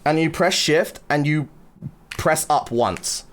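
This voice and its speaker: Young-sounding male streamer explaining music theory, loose and crude, slightly high-pitched. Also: slow. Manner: joking, crude and swearing, filler-heavy. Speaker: streamer teaching music production. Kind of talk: casual livestream chat.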